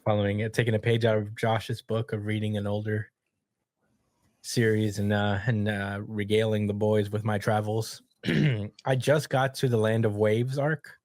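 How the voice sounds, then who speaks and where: A man's voice: fairly low pitch, level tone, moderate pace, a little mellow, dry recording. A man hosting a podcast in casual chat, retelling scenes with easy laughs. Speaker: podcast host.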